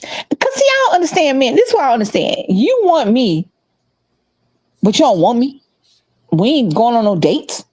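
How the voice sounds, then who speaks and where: Animated middle-aged woman telling a story. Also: on the high side, moderate pace, long pauses, no echo. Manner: animated, laughing, acts out voices. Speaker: podcast co-host. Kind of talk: casual storytelling chat.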